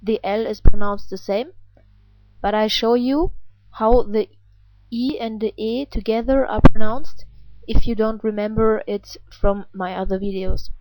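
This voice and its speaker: A woman's voice: mid-range voice, fairly even intonation, measured pace, a little mellow, low-quality recording. A native German woman with a German accent, patiently explaining pronunciation step by step and asking the learner questions. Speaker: language teacher. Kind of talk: instructional explanation.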